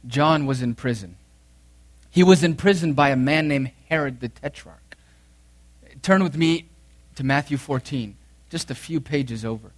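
A male pastor giving an earnest sermon, reading scripture aloud and repeating key phrases, his voice swinging from loud emphasis to hushed intensity. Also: mid-range voice, measured pace, long pauses.

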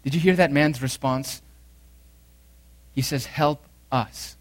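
A male pastor with a mid-range voice preaches an earnest sermon at a slow pace. He reads scripture aloud, repeats key phrases, and swings from loud emphasis to hushed intensity.

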